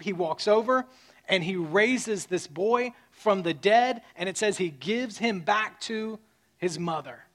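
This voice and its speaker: A man's voice: high-pitched, a bit bright. A male pastor preaching a sermon in an emphatic, conversational way with casual asides.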